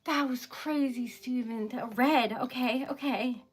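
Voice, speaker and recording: A woman's voice: fairly high pitch, a little slow, breathy edge. A young woman running a casual livestream for her small business, flustered and giggly as she thanks viewers.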